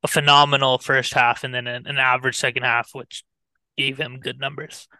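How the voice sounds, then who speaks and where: A man's voice: mid-range voice, level tone, pushed and bright, clean tone, dry recording. A young man co-hosting a podcast, talking baseball in a blunt, joking way. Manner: blunt, joking, quick to push back. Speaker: podcast co-host. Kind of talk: casual sports chat.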